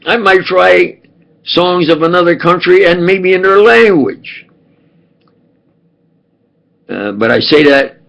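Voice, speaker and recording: Older new york guy rambling to camera, gravelly voice, pitch jumping all over. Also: muffled recording. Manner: halting, wandering, many fillers and restarts. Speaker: video blogger. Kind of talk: rambling monologue.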